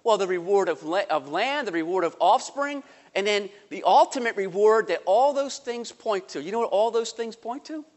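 Pastor, male, high voice, sermon with stories, hushed to emphatic, church reverb. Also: lively intonation, normal speed, few pauses. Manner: storytelling, swings between soft and emphatic.

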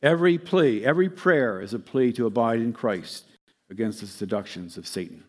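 A man's voice: medium pitch, normal speed. Man preaching with sweeping dynamics. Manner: dynamic preaching, swelling loud then dropping soft. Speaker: pastor. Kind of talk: sermon.

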